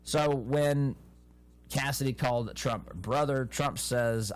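A man hosting a political commentary show, reading news reports aloud and adding his own opinionated, animated remarks, often restarting phrases. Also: mid-range voice, slow.

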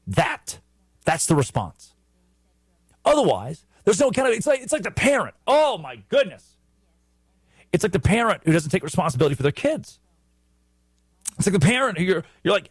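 A man hosting a sports talk show, giving animated commentary with emphatic restarts and repetition. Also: a little high, moderate pace, no echo.

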